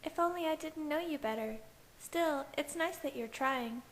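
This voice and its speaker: A woman's voice: high-pitched, moderate pace, slight background noise, pitched above the performer's own voice, natural voice. A woman reading a fanfiction aloud, voicing a cheerful, insistent young female vampire in a raised, chiding voice. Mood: teasing.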